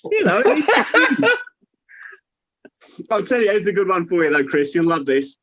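Guy cracking jokes on a home podcast, laughs a lot, kinda high voice. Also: wildly swooping pitch, a little slow, a bit bright, low-quality recording. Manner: joking, laughs through stories. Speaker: podcast co-host. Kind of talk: casual chat.

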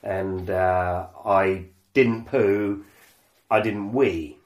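A man co-hosting a casual podcast chat, talking in a relaxed, halting way with many fillers. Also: low voice, reverberant, dull audio. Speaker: podcast co-host.

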